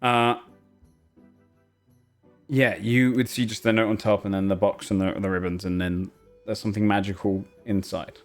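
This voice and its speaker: A man's voice: fairly low pitch, little pitch movement, moderate pace, pauses often, soft background music. A man running a tabletop game as game master, narrating casually with lots of fillers.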